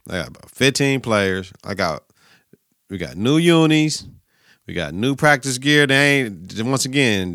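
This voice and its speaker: A young man hosts his own podcast solo, chatting about sports and coaching in a loose, slangy, profane way. His voice is bright and forceful. The sound is close and dry, with no room around it. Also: mid-range voice, no echo. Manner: profane, slangy, animated riffing. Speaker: podcast host, teacher and coach.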